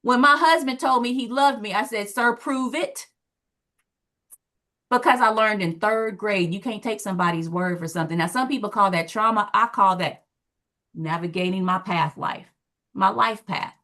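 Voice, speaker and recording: Lively, bright-voiced Southern woman storyteller. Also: normal speed. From American South. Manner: animated storyteller, acts out quotes with big pitch jumps. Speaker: guest speaker, former teacher and parent. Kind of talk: storytelling in a talk show discussion.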